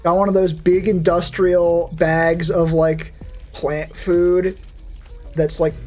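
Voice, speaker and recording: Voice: mid-range voice, flat delivery, slow, darkish tone, faint music behind. Sardonic, foul-mouthed streamer chatting. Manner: sardonic, profane, rambling. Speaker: VTuber streamer. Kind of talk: casual live-stream chat, answering chat.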